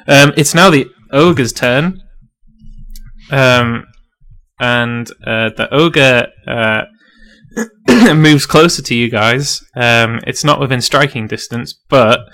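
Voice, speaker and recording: A man's voice: mid-range voice, takes it slowly, fairly bright tone. A man narrating a tabletop role-playing game as game master, casual and full of fillers, laughing often.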